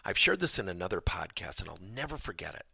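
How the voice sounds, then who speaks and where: A man hosting a podcast lesson, telling stories with animated delivery and acting out both sides of conversations. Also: sits low, quick pace, vocal fry, husky, no echo, studio quality. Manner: animated storytelling, acts out dialogue in raised voice. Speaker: podcast host and trainer.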